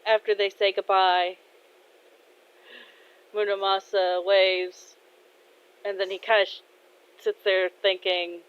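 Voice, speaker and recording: A woman's voice: medium pitch, a little slow, long pauses, clear, resonant tone. A woman casually telling her own fan story aloud, hesitant, with many fillers and "he's like" asides. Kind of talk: casual spoken fan fiction. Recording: dull lo-fi recording.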